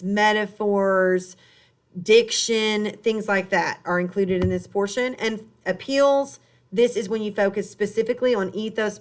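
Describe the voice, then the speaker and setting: Woman teacher explaining a lesson. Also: medium pitch. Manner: explanatory, rephrases as she goes. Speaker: high school English teacher. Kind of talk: recorded online lesson.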